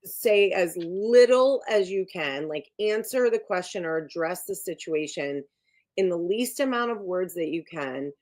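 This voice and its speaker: A middle-aged woman with a low voice gives advice as a podcast guest. She speaks with energy and stresses her points, often restarting with "you know" and "I mean.". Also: a little slow. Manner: emphatic, animated storytelling with many fillers and restarts. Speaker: executive coach, guest. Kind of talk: podcast interview.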